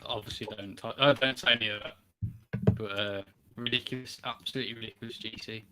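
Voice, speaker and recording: A man co-hosting a podcast, tossing in quick comments and questions. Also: medium pitch, fairly even intonation, sharp tone, a little hiss or hum. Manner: short interjections, quick follow-up questions. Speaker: podcast co-host. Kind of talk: casual chat.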